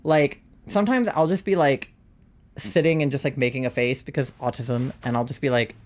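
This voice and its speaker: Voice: mid-range voice, moderate pace, a little mellow. A young adult live streamer telling a story to chat in a casual way, using "like" a lot and laughing often. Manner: chatty, heavy use of "like", frequent laughter.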